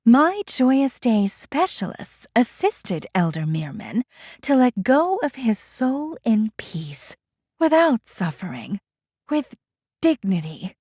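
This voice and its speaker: A woman voicing a calm, condescending female religious official in an audiobook, measured and soothing. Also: on the high side, no echo, clean studio sound, full character voice. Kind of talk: audiobook character voice.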